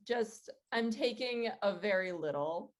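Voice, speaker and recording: A woman player in a tabletop role-play, giving short relaxed replies. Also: mid-range voice, measured pace.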